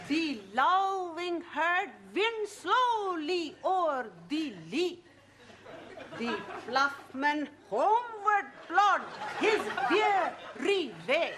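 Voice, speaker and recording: Solemn student reciter, high lilting voice, slow and deliberate, faint audience murmur. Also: female voice, background noise, exaggerated voice. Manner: halting broken English, formal. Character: earnest woman student reciting poetry.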